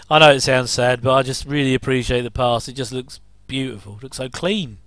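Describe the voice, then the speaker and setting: A man's voice: mid-range voice, normal speed, a bit bright, dry recording. A man giving a casual, rambling commentary over an old TV episode, with frequent chuckling asides.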